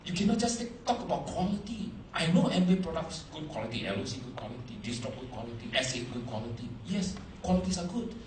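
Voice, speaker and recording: A man giving a seminar talk to a live audience, animated, quizzing the crowd, in broken English phrasing. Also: on the high side, fast, hardly any pauses, roomy sound, distant mic, a little hiss or hum, low-quality recording. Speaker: motivational speaker at a business seminar.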